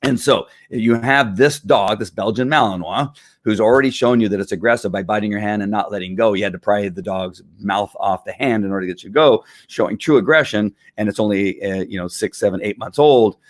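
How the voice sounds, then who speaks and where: A man's voice: fairly low pitch, brisk, no room sound, studio quality. A middle-aged man who trains dogs, talking casually and with animation, acting out dog owners and laughing often. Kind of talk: casual livestream talk.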